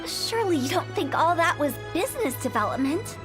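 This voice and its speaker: A woman's voice: very high voice, sing-song, fairly quick. A woman voicing a playful, mischievous young funeral director in a video game, talking with teasing, giggly sales patter. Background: game music.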